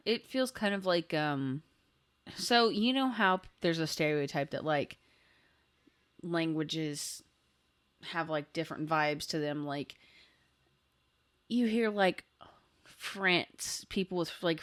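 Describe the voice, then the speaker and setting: A woman in her thirties co-hosting a podcast in casual chat, rambling with lots of filler words and eager asides. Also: sits low. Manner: rambling, full of "like" fillers, enthusiastic. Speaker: podcast co-host.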